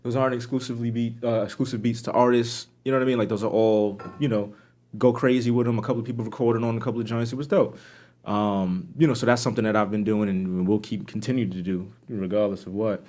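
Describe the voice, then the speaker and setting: Young New York man, casual guest, storyteller who springs up into quoted voices. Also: quick pace. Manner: animated, acts out quoted voices with big pitch jumps. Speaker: podcast guest, music producer and DJ.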